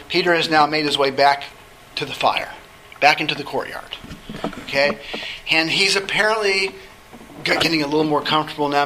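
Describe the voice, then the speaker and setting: A man's voice: fairly high pitch, bright, forceful tone, slight background noise, rough recording. A man leading a Bible study group, teaching in a conversational way and often checking in with the group by asking "okay?".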